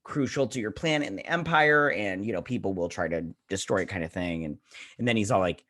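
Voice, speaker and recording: Man, low-ish voice, casual rambling recap, lots of fillers, loose paraphrasing. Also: brisk, a bit bright. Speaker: show host reviewing an episode.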